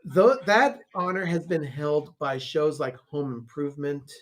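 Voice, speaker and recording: Male co-host, slightly higher voice, chatty storyteller, casual. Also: a little slow, a bit bright. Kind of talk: casual watch-party commentary.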